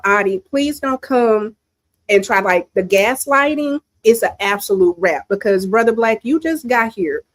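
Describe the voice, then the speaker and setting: A woman hosting a livestream, giving emphatic, scolding political commentary with turns of phrase. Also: a little high. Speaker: livestream host.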